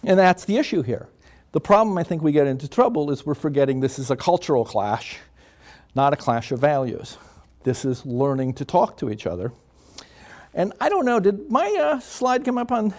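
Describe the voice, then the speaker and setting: An older man, a psychologist, giving an animated, conversational lecture to an audience in a classroom. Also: on the high side, moderate pace. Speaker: guest speaker, psychologist. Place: lecture room.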